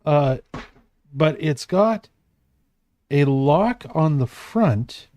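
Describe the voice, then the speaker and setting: A man's voice: a little high, animated, extremely slow, a little mellow, no echo. A man running a tabletop game as game master, narrating in a meandering, self-correcting way.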